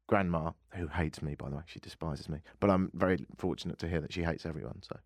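A man's voice: low voice, steady tone, quick pace, no echo. A man from the United Kingdom hosting a casual radio chat show, full of wry, self-mocking sarcastic asides, recorded in a studio. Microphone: studio microphone.

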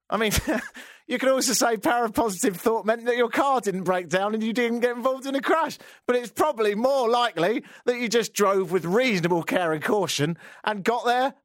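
A man's voice: sits high, dry recording. A man spinning a stand-up anecdote with dry, sarcastic asides. His voice rises and falls a great deal as he tells it, and the sound is close and dry. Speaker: stand-up comedian. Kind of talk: stand-up storytelling.

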